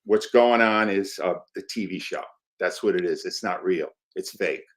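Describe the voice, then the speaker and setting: A man's voice: sits low, normal speed. Firm, contrarian older male sports writer. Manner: contrarian, firm, declarative short sentences. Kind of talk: opinionated sports talk.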